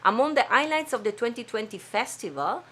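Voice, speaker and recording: This Venetian woman hosts her own live stream from a home studio, chatting with Italian-accented enthusiasm and plenty of fillers. Her voice is on the high side, expressive, bright and forceful, moving a little fast, with a slight hiss or hum on the recording.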